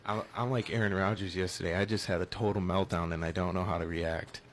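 A man co-hosting a sports radio show, chatting in a halting, rambling, self-deprecating way. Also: low-pitched, steady tone, slight background noise. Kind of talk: casual sports talk.

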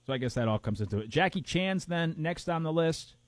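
Casual male co-host, lively and animated delivery, rambling, dry close recording. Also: a little high, a little fast, no echo. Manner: rambling, searching for names with fillers. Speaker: podcast co-host. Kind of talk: casual chat.

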